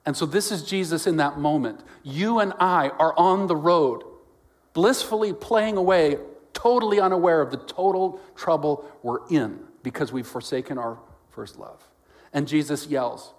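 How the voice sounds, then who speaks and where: A man preaching a sermon as pastor, swinging between loud exclamations and quiet, lowered lines, and acting out quoted voices with jokes. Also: normal speed.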